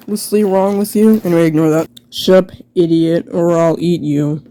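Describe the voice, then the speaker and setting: A woman rambles through a mocking, sarcastic commentary, full of quick restarts and jokey asides. Her voice sits a bit low and sounds dark and mellow. It is recorded dry and close, with no room sound. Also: fairly even intonation, dry recording. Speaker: video creator reviewing her own old book. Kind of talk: casual commentary reading aloud.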